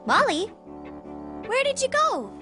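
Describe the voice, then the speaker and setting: A woman's voice: very high voice, huge pitch swings, slow pace, over music, exaggerated voice. A woman voicing an eager, giggly young girl clown in a cartoon. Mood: sweet.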